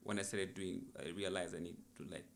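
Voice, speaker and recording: A young male musician with a low, level, creaky voice talks fairly quickly, and there's a little hiss or hum in the recording. As a guest in a casual podcast interview, he tells his story in a laid-back, reflective way.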